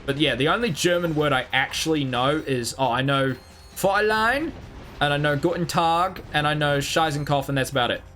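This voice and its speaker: Soft background music plays as a man with a highish, animated voice streams a video game at normal speed, his tone a bit bright. He mutters, hums, swears freely, and makes fun of himself in rambling replies to chat.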